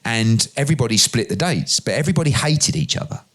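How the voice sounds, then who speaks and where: Animated man telling stories. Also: mid-range voice, fast. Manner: animated anecdote-telling, acting out dialogue with swearing. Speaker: interview guest, boxing promoter. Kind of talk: conversational storytelling.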